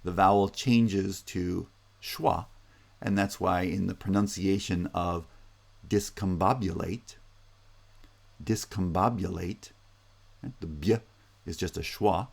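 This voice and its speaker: A man's voice: low-pitched, a little slow, gravelly, a little mellow. A man teaching a university linguistics lecture, walking through each step methodically with frequent "uh" fillers.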